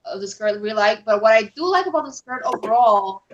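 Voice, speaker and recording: A woman's voice: fairly high pitch, lively intonation, a little hiss or hum. Woman guest on dull, lo-fi call audio. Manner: searching for words, halting restarts. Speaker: guest panelist. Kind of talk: casual live-stream chat.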